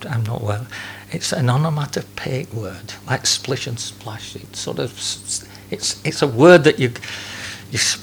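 A man preaching a sermon in a halting way, repeating words and chuckling between points. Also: mid-range voice, vocal fry, slight background noise.

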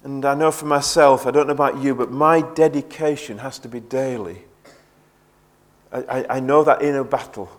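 A man's voice: mid-range voice, steady tone, moderate pace. A man preaching a sermon in an earnest way, often repeating words as he presses a point.

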